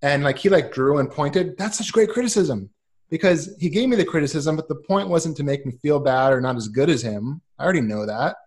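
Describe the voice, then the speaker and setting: A man's voice: on the high side, a little fast. A man in his thirties chatting as a podcast guest, telling stories with lots of ums and acting out what others said. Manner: animated, acts out quoted voices, many ums. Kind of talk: casual storytelling chat.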